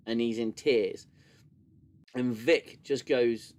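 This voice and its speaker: A man hosting a casual live discussion stream, talking in long animated runs and sometimes mimicking gushing voices. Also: mid-range voice, unhurried. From United Kingdom. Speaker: podcast host.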